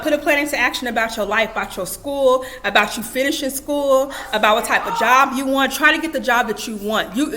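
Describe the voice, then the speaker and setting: A woman's voice: high voice, bright, forceful tone. A young adult woman giving casual, emphatic advice to camera in a vlog, repeating her points and talking to herself. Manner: repetitive, emphatic, self-talk asides. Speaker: vlogger.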